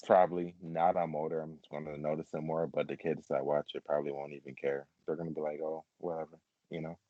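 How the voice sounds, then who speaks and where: A man's voice: deep voice, dark tone, dry recording, highs cut off. A man co-hosting a casual fan podcast, talking in a laid-back, rambling way full of "like"s. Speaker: podcast co-host. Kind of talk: casual chat.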